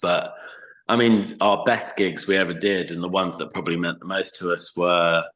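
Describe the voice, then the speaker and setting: Chatty low-voiced man telling band stories. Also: fairly even intonation, moderate pace, a bit bright, rough recording. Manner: chatty, swears freely, many fillers. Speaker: podcast guest, band frontman. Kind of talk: casual storytelling chat.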